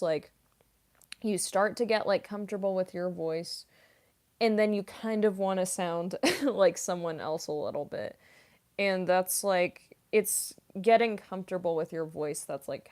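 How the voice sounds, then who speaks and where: Speaking in a lowish, slightly mellow voice, a voice actress who is also a classically trained singer answers viewer comments during a casual livestream. She's chatty and leans heavily on fillers like "like" and "um."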